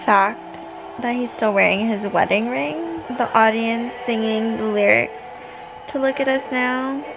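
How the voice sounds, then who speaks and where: A woman's voice: a little high, unhurried, creaky, noisy background. A young woman vlogger reacting emotionally to a TV finale, gasping and exclaiming at the screen.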